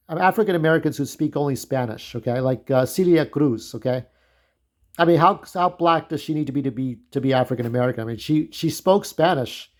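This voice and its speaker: A man talking in a casual, rambling monologue, candid and digressive, swearing freely as he reminisces. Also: a little high. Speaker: vlogger.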